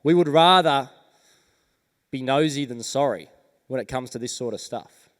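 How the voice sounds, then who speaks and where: A man's voice: medium pitch, moderate pace, a bit bright. Earnest man rallying a crowd. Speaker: keynote speaker. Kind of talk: motivational talk on stage. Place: large conference hall. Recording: reverberant conference hall.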